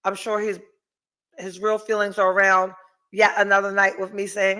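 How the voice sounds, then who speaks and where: A woman's voice: medium pitch, level tone, normal speed, pushed and bright. A middle-aged woman hosting a podcast, telling a story in casual chat and reading viewer comments, blunt and profane. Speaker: podcast host.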